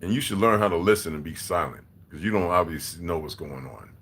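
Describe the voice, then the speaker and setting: A man with a husky, low voice hosts a livestream and talks straight back to his chat. His tone is forceful and tense, and he is blunt and profane, laughing often and moving between low muttering and loud, heated outbursts. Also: quick pace. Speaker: livestream host. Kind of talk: casual live chat, reading and answering viewer comments.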